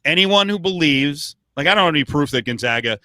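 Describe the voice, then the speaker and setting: A man's voice: a little high, expressive, brisk, pushed and bright, no echo. A man co-hosting a podcast, rambling through casual sports talk with lots of fillers, restarts and swearing. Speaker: podcast co-host.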